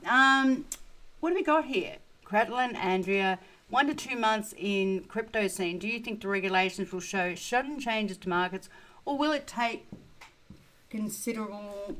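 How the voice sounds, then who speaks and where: An older woman hosts a casual crypto livestream, reading viewer questions in a blunt, chatty way packed with "you know" and "right?". She sounds tired and thirsty and is drinking beer. Her mid-range voice is a bit bright and a little slow, on a low-quality recording.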